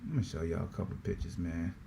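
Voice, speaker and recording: A man hosting a sports podcast in a casual, slangy, animated way, often repeating himself. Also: low voice, fast, vocal fry, background noise. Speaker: podcast host.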